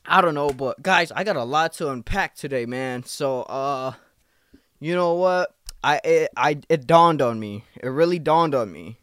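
A young man, worn out and irritated after a night shift, talks alone into a close mic for his casual solo podcast, rambling restlessly and agitatedly, swearing as he circles back over his thoughts. His voice is a bit high for a man, smooth and slightly bright, and he speaks unhurriedly. The sound is dry and close, with no echo.

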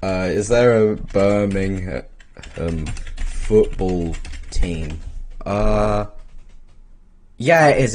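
A man's voice: fairly low pitch, very slow, long pauses, a little mellow, slight background noise. A man from the United Kingdom joking around in a casual chat with friends on an online call. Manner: joking, laughs often.

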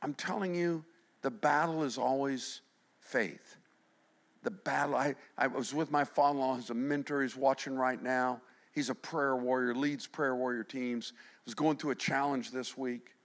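A middle-aged man preaching a sermon, animated, swinging between loud emphasis and hushed passages. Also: mid-range voice, normal speed. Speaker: pastor.

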